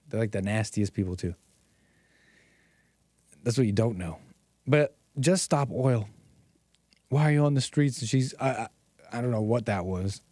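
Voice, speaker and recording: A man's voice: mid-range voice, warm tone, dry recording, studio quality. A man hosting a stream, giving sarcastic, rambling commentary on news clips. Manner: mocking, rambling, incredulous.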